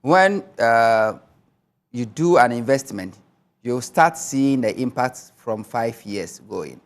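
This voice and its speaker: Ghanaian male TV host, mid pitch, brisk reader of viewer texts. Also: lively intonation. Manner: brisk, reads texts aloud with Twi asides. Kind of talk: reading viewer messages on air.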